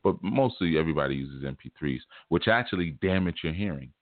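A man's voice: very deep voice, animated, brisk, no echo. A man hosting a spiritual teaching show, talking in a casual, laid-back, streetwise way and often repeating his phrases. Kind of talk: casual livestream talk. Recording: tinny phone-like dry sound.

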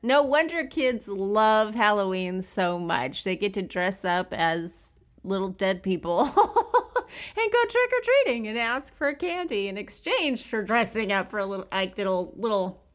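A woman's voice: mid-range voice, expressive, unhurried. A woman hosting a podcast, talking casually and laughing often as she tells stories. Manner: chatty, laughs often, acts out quoted people. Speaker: podcast host.

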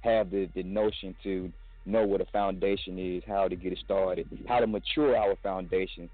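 A man's voice: sits low, fairly even intonation, moderate pace, no echo, faint music behind. A man calling in to a talk show, speaking earnestly and reflectively, repeating words for emphasis. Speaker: caller. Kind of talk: casual phone call. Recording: dry phone line.

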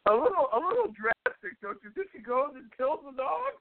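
A man's voice: extremely high pitch, sing-song, fairly quick, no echo. A man hosting a casual chat, exclaiming and laughing often as he teases and sympathizes. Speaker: podcast host. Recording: dry, phone-like sound.

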